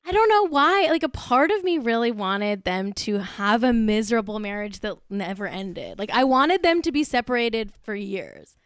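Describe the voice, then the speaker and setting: A woman's voice: a little high, very animated, moderate pace, few pauses, clean tone, no room sound, studio quality. Tipsy, giggly woman gossiping. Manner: giggly, profane, gleefully catty. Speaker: podcast host. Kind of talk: casual celebrity gossip chat.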